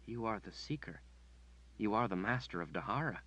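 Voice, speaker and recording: A man voicing a demure, flattering noblewoman in an audiobook, speaking softly in a slightly raised voice. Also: fairly low pitch, moderate pace, lo-fi sound.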